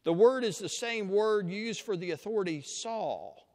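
Guy giving a sermon, slow and deliberate, voice rises and falls a lot, big reverb hall sound. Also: sits high, animated, darkish tone. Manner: slow, deliberate teaching voice with dramatic pauses. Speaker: preacher. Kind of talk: sermon with guided imagination exercise.

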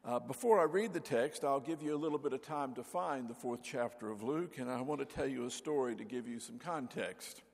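An older man preaching a sermon as pastor, telling folksy stories and acting out the voices in them, with a gravelly voice. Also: mid-range voice, brisk, few pauses, in a large hall. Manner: folksy storyteller, acts out voices. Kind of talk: sermon with anecdotes. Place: church sanctuary.

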